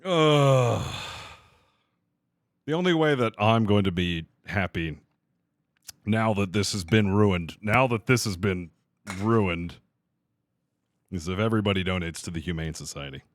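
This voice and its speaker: A man streaming a game live, talking to his crew and chat, swearing freely and quick to vent his frustration. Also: lowish voice, lively intonation, dry recording, studio quality. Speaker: livestreamer. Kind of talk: live gaming commentary.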